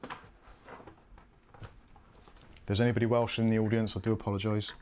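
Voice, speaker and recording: A man's voice: fairly low pitch, level tone, rapid-fire, background noise. A British man from the UK chatting casually and mocking himself while he narrates a live PC build. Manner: chatty, self-mocking, thinking aloud while working. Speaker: PC build streamer.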